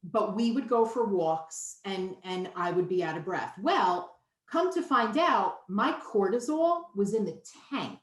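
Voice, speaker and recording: A woman's voice: medium pitch, expressive, unhurried, few pauses. A woman in her fifties, a nutritionist guest, talking candidly and emphatically in a casual interview. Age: 50s. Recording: roomy echo.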